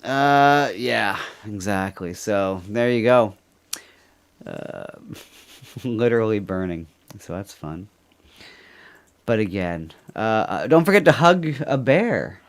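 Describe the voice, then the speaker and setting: A man's voice: on the low side, expressive, slow, pauses often. A man from Canada co-hosting a podcast, rambling and joking through casual commentary and laughing often. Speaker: podcast co-host.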